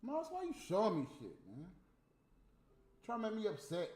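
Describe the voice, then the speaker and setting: A man's voice: sits high, wildly swooping pitch, normal speed, a little mellow. A man delivering a heated, profane, scolding rant as a stream host. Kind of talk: profane ranting monologue. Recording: roomy room with faint music.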